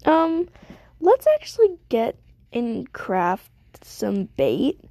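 Gravelly young woman rambling on stream. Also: fairly high pitch, very animated, drawn-out words, mellow, dry recording. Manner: rambling, self-deprecating. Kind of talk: casual gameplay commentary.

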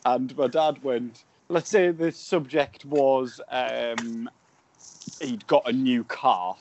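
A man's voice: mid-range voice, a little hiss or hum. A man, co-hosting a podcast in casual chat, laughing often and mocking himself. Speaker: podcast co-host.

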